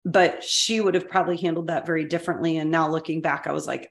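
A woman's voice: fairly low pitch, quick pace, reverberant. A middle-aged woman co-hosting a podcast, telling a story from her working life in a candid, self-deprecating way. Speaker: podcast co-host, former school superintendent. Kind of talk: casual storytelling interview.

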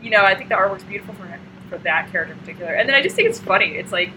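Woman, casual chat, animated storyteller, noisy background hum. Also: mid-range voice, rapid-fire. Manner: animated storyteller acting out scenes. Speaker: co-host discussing a comic.

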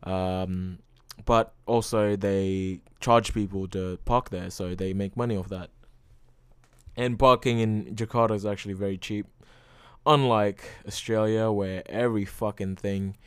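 Rambling, swearing man with a smooth voice. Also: lowish voice, steady tone, measured pace, dry recording. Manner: rambling, full of "like" and frequent swearing. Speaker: podcast host. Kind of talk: casual solo podcast monologue.

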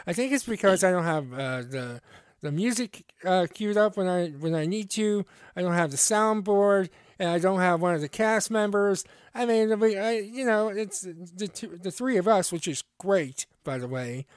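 An American man hosting a comedy podcast, talking in halting, self-deprecating stops and restarts. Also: high voice, animated, no echo, studio quality. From United States. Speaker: podcast host. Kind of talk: casual comedy podcast banter.

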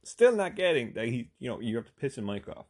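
A man's voice: mid-range voice, big pitch swings, fairly quick, a little mellow. A man telling a long casual anecdote, rambling and swearing with lots of fillers. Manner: rambling, profane, full of fillers. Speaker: storyteller.

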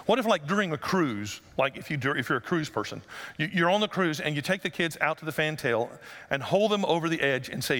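A man preaching a sermon as pastor, conversational and joking, then rising to loud emphatic passages. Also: fairly high pitch, sing-song, brisk, long reverb tail.

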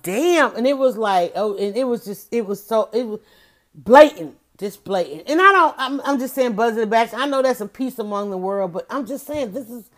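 Woman commentator, casual opinion talk, emphatic and animated, mid-range voice, speaks right to her audience. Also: medium pitch. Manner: emphatic, animated, addresses listeners directly.

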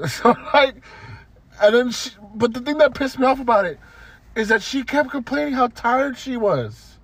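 A man co-hosting a podcast in casual chat, telling a story in a profane, animated way and mocking the people in it. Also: extremely high pitch, normal speed, slightly rough, no room sound. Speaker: podcast co-host.

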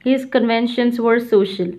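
A woman narrating a novel in a measured, even reading. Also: a little high. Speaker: audiobook narrator. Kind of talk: scripted narration. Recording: dull lo-fi audiobook recording.

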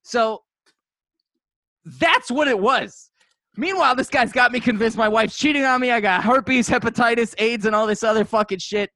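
A man's voice: extremely high pitch, moderate pace, sharp tone, no room sound, studio quality. A man co-hosting a casual podcast, telling a rambling story full of profanity. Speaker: podcast co-host.

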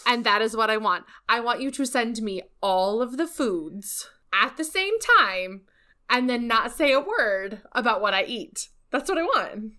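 A woman co-hosting a podcast in casual chat, animated and laughing often, with lots of "like". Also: on the high side, unhurried. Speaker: podcast co-host.

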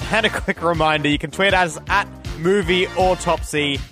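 A man's voice: high voice, unhurried, music in the background. A man co-hosting a movie podcast, chatting casually and rambling through stories, often stopping to correct himself. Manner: rambling, self-correcting storyteller. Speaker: podcast co-host. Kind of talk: casual chat.

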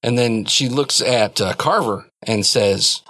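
A man's voice: medium pitch, takes it slowly, hardly any pauses, bright, forceful tone, no echo. A man narrating a tabletop game as game master, describing scenes loosely with many fillers.

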